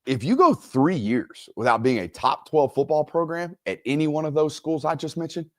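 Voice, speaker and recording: A man hosting a solo live college football reaction show, who gets loud and high when he rants. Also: normal speed, no room sound, studio quality. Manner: animated, goes loud and high when ranting. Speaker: sports show host. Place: studio.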